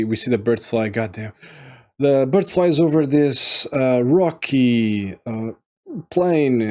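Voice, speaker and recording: Brief: unhurried male reviewer, mid-range voice, stumbling and restarting as he thinks aloud. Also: mid-range voice. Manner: halting and rambling, many fillers and restarts. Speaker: video game reviewer. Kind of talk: casual solo commentary.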